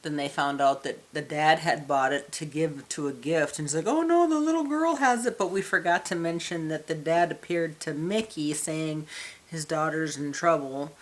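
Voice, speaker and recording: A woman co-hosting a casual episode review, dry and teasing, quick to correct her co-host. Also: low voice, flat delivery. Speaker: podcast co-host. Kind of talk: casual movie review chat.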